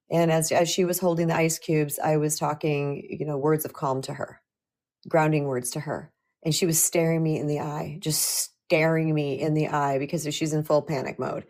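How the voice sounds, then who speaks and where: A middle-aged woman coach talking casually on a live stream, chatty and animated, often restarting her sentences. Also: low voice. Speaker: spiritual empowerment coach.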